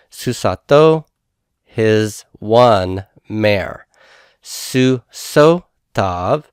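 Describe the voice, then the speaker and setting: A man teaching a grammar lesson, explaining step by step, sounding out syllables slowly and checking in with his students. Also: on the low side, no echo, studio quality. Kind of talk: recorded classroom lecture.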